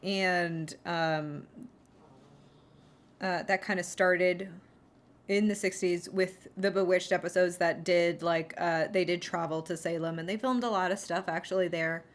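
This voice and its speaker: A woman streamer rambles in casual chat, full of ums and false starts. She drops sarcastic asides as she goes. Her voice sits slightly low for a woman. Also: steady tone, a little slow. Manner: rambling, sarcastic, heavy on fillers.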